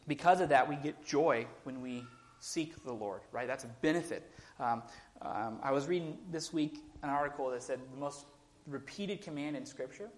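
Young man, preacher, informal sermon, slightly high voice, repeats "right?". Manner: informal, frequent "right?" tags and restarts. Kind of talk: casual sermon.

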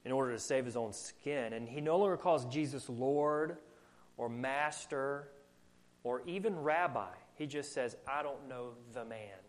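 A man's voice: mid-range voice, measured pace. A man with a Southern US accent preaching a sermon, earnest and full of rhetorical questions. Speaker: pastor.

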